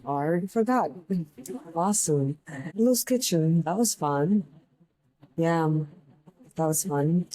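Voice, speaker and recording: A woman's voice: deep voice, animated, takes it slowly, long pauses, warm tone, rough recording. A young woman hosting a podcast, chatting casually and rambling through funny bartending stories, laughing at her own tales. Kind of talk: casual storytelling monologue.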